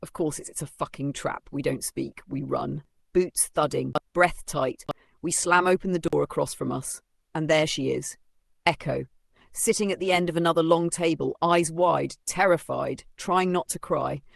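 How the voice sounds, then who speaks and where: A man's voice: on the high side, normal speed, creaky, a bit bright, no echo. A man narrating a first-person novel in a dry, sardonic storytelling manner. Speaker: audiobook narrator.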